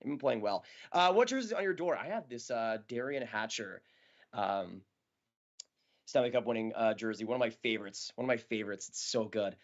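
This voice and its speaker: A chatty, excitable man hosting a live watch-along, talking casually over the action and laughing often. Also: medium pitch, a little fast, lo-fi sound.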